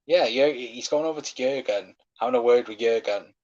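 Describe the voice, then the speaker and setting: A young man calls a football match live for his watchalong audience, talking like a fan rather than a broadcaster. He chats through the play and gets worked up and swears when a decision goes against his side. His voice sits at an ordinary pitch and comes through a slightly dull, lo-fi home recording. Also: normal speed. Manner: excitable, swears when frustrated, chatty fan commentary.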